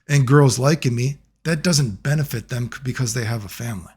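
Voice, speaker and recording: A man telling a long personal story in a casual monologue, rambling and profane, getting animated when he quotes other people. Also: mid-range voice, a little fast, hardly any pauses, breathy edge. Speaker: video creator.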